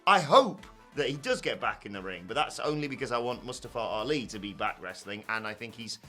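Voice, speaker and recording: A man's voice: medium pitch, animated, fairly quick, bright, forceful tone, faint music behind. A British man co-hosting a casual news chat, telling stories in a wry, opinionated way with sarcastic asides. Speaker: co-host of a news show.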